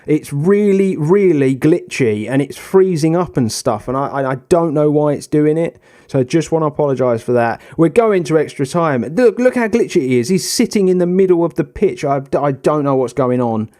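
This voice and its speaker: Excitable man commentating gameplay. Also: fairly high pitch. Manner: excitable, shouting at goals, then muttering through tactics. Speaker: gaming video host.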